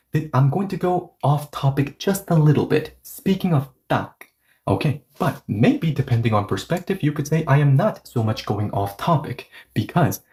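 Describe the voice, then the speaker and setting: A man whose first language is Korean, teaching a casual video lesson in English. He explains step by step, thinks aloud with many "okay, so" fillers and rhetorical questions, and says the Korean examples slowly, repeating them. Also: a little high, a little mellow.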